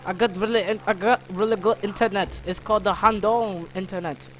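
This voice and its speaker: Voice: mid-range voice, fairly even intonation, brisk, a bit bright, slight background noise. A player in voice chat giving a panicky, teasing running commentary on a dogfight. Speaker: gamer in voice chat. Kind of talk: gaming commentary and banter.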